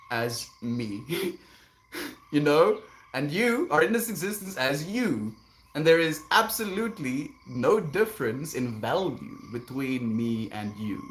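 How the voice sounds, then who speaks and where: Laid-back man chatting on a stream. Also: medium pitch. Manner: laid-back, reads viewer comments aloud and answers them; chuckles often, drifts into gentle musings. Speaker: livestreamer reading chat. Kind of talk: casual livestream chat.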